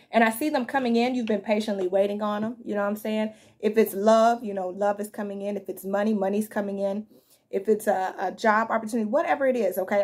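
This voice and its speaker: A woman's voice: medium pitch, a little mellow, husky. A woman giving a casual, slangy tarot reading to her viewers, sounding like she just woke up. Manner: chatty, slangy, addresses viewers as y'all and fam. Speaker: tarot reader.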